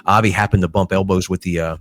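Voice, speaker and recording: A man's voice: low-pitched, fairly even intonation, quick pace, no room sound. A middle-aged man co-hosting a podcast, telling stories in a casual, rambling way with lots of fillers. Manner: rambling storyteller with many fillers. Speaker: podcast co-host.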